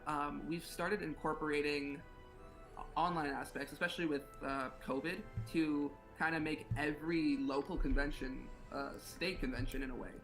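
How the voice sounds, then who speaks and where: A man's voice: on the high side, gravelly, fairly bright tone, rough recording. A teenage young man from Nevada, answering interview questions earnestly and hesitantly, with lots of fillers. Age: teens. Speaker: interview guest, student officer.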